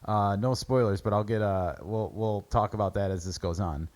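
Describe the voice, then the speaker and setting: A man's voice: on the low side, normal speed, a little mellow. A man hosting a casual sports show, breaking down football draft picks in a chatty way with lots of fillers. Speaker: sports podcast host.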